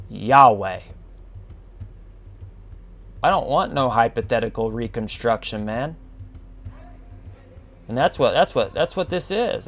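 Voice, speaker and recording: With a mid-range voice and vocal fry, a man hosts a casual podcast monologue, reading definitions aloud. He talks slowly and drawn-out, calling the listener man and bro.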